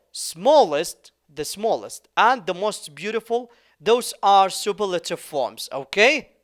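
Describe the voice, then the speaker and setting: Man, teacher, high voice, unhurried, repeats phrases, keeps asking "okay?". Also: a bit bright. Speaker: English teacher. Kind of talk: slow classroom explanation.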